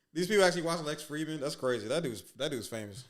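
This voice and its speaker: A man's voice: on the high side, lively intonation, fast. A man hosting a livestream, giving casual, slangy reaction commentary with incredulous asides. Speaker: livestream host reacting to a debate.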